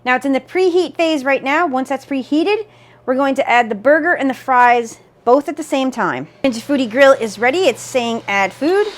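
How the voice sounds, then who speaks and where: Upbeat high-voiced woman demonstrating cooking. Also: lively intonation, normal speed. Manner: upbeat step-by-step narration, enthusiastic. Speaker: cooking video host.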